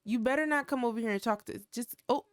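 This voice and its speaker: A woman's voice: a little high, quick pace, no room sound. A young adult woman giving casual, chatty commentary while playing a life-sim game, talking straight to her viewers. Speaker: gaming creator.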